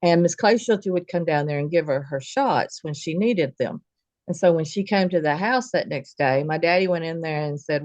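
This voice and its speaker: A woman's voice: low-pitched, moderate pace, a little mellow, dry recording. A woman telling a true personal story in a casual, folksy way, acting out the dialogue of the people in it. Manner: vivid, folksy retelling with quoted dialogue.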